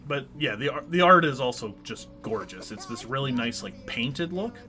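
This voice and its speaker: A man's voice: mid-range voice, animated, normal speed, pushed and bright, soft background music. A man co-hosting a casual live stream, rambling with many fillers and restarts and reading chat comments aloud. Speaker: streamer co-host.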